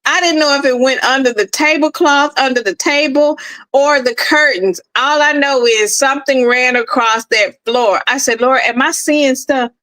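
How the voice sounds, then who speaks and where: A high, bright-voiced woman tells a story in casual chat. She is animated and laughs often, calling her listeners "girl". She is a middle-aged host talking from her home office. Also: moderate pace, rough recording. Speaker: podcast host.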